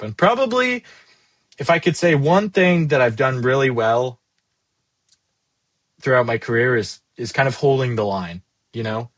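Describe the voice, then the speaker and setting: A young man in his twenties venting in a rambling, profane, self-deprecating monologue about running a software business. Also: medium pitch, lively intonation, moderate pace, pauses often, no echo. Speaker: SaaS founder vlogging.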